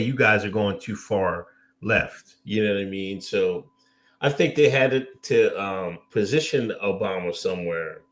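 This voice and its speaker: A man co-hosting a casual podcast chat, laid-back and joking, often checking in with "you know what I mean". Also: fairly low pitch.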